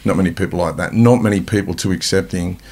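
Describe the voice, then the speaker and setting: A man's voice: low-pitched, fast, a little mellow, slightly rough. An Australian man hosting a podcast, eager and rambling as he talks. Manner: eager, rambling, frequent yeahs. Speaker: podcast host. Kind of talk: casual podcast chat.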